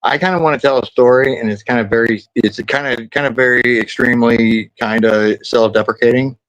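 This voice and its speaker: A man's voice: mid-range voice, fairly even intonation, fairly quick, a bit bright, no room sound, rough recording. A man streaming casually, telling rambling, crude jokes and stories with lots of restarts. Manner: rambling, crude joking banter with frequent restarts. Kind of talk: casual chat.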